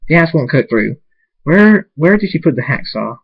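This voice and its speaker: A man voicing a sadistic male pony villain who speaks in a flat, unhurried, taunting way, on a dull lo-fi mic. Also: a little high, gravelly, breathy edge, pitched above the performer's own voice, full character voice.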